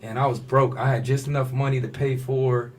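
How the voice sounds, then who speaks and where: A man's voice: mid-range voice, fairly quick, a little hiss or hum. A man, a fashion designer on a podcast, telling a personal story in casual slang and often acting out what others said. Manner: animated storyteller, slips into quoted voices, casual slang.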